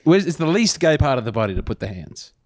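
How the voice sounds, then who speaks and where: Fast-talking Australian man. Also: mid-range voice, sing-song. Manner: fast-talking, wry, lecturing half-jokingly. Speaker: podcast co-host. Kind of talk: casual comedic banter.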